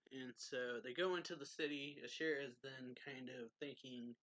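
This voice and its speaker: A man recaps a manga chapter in a loose, chatty way, laughing often as he goes. His voice is bright and forward, and the sound is dry and close with no room around it. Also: medium pitch, fairly even intonation, normal speed, hardly any pauses, no echo, low-quality recording. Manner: chatty, laughs often, reads dialogue aloud. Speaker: manga reviewer.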